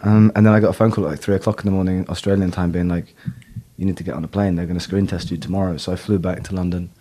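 A man's voice: sits low, level tone, racing, dark tone. A man, an actor, telling stories in a casual interview, laughing often at himself. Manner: laughs often, self-deprecating. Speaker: actor guest.

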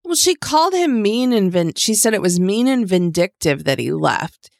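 A woman's voice: medium pitch, sing-song, moderate pace, creaky, no room sound. A woman co-hosting a podcast, chatty and loose, with casual swearing. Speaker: podcast co-host. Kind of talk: casual chat recapping a reality show.

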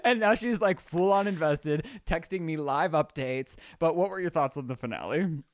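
A man's voice: a little high, moderate pace, dry recording. A young man co-hosting a casual podcast chat, teasing and telling stories with lots of energy. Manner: chatty, teasing, animated storytelling. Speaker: podcast co-host.

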